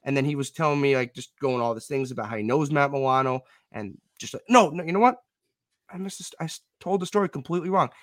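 A man's voice: mid-range voice, fast talker, no room sound. A young man who is a guest on a casual sports podcast, telling stories hesitantly and rambling. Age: young adult.

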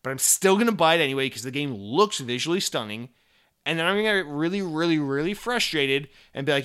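Bright-voiced man, profane rambling podcast host. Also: on the high side, fairly quick, clean tone. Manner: profane, rambling, venting with animated mock dialogue. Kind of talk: casual gaming podcast chat.

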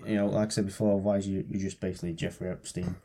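A man's voice: low-pitched, little pitch movement, rapid-fire, warm tone, slightly rough. A man co-hosting a podcast, talking bluntly and swearing often. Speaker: podcast co-host. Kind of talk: casual chat.

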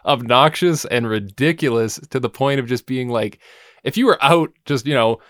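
A man co-hosting a loose, profane podcast conversation, his voice at a middle pitch. He laughs often and swears freely. The sound is dry and close, with no room around it. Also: normal speed, a bit bright, dry recording. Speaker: podcast host. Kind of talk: casual chat.

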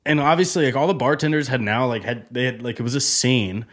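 A man casually telling a story on a podcast, animated and profane, acting out the other people in it. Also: medium pitch, quick pace. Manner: animated, profane, acts out quotes in a loud excited voice.

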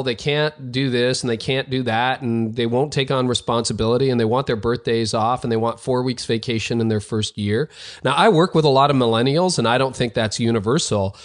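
A man in his forties hosting an interview, asking long, winding questions in a friendly way. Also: medium pitch. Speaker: podcast host. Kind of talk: interview conversation.

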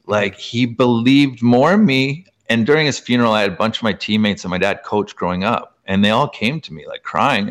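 A man from Canada speaks as a guest in a relaxed interview, telling stories from his life. His voice sits low, but it leaps upward whenever he gets excited. He peppers his sentences with "like" as he goes. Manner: animated, pitch jumping up in excitement; heavy use of "like" as filler. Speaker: guest author. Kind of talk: casual storytelling conversation.

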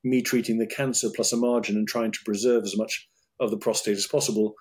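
Brief: middle-aged British doctor, husky and measured, restarts often. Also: male voice, fairly low pitch, level tone, a little mellow. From United Kingdom. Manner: thoughtful, with many restarts and repeated words. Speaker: urologist guest. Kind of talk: interview conversation.

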